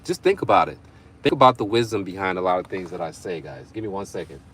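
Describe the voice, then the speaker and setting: A man's voice: sits low, animated, quick pace, fairly bright tone, slightly rough. A young man hosting a livestream in casual chat, reading viewer comments aloud, bantering and laughing often. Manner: laughs often between remarks. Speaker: livestream host.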